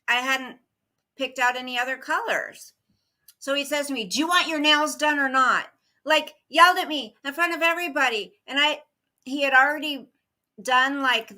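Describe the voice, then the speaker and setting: A woman's voice: high voice, pushed and bright. A middle-aged woman hosting a casual livestream, rambling through a story and greeting viewers by name as they arrive. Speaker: livestream host chatting with viewers.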